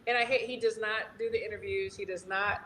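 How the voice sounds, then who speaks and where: A woman's voice: mid-range voice, steady tone, fairly quick, a bit bright. A woman guest chatting casually, enthusiastic and repeating herself. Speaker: guest, boxer. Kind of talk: casual video-call chat.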